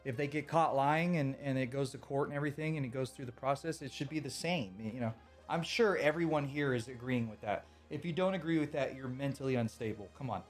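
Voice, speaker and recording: A man's voice: medium pitch, a little fast, faint music behind. A man ranting on a live stream in a casual, emphatic way, swearing often and repeating his points.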